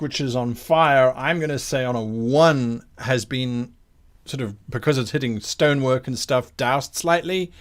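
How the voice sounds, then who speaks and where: A game master runs a tabletop game, narrating scenes in a measured way and using filler words. His voice is medium in pitch with a fairly bright tone.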